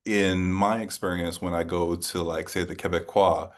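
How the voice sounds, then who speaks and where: An interview host from New Orleans, USA, speaks conversationally in a low voice with little pitch movement. He is halting, often rephrasing and circling around as he forms his questions.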